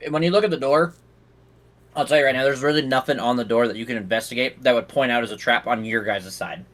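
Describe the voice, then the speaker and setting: A man's voice: mid-range voice, fast, a bit bright. A young man running a tabletop game as game master, narrating in a casual, rambling way with fillers.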